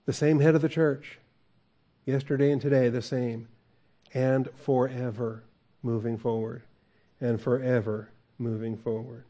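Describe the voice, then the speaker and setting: Mellow-voiced man preaching a sermon. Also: medium pitch, level tone, a little slow, muffled recording. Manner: conversational, chuckles often, asks the congregation questions. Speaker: pastor.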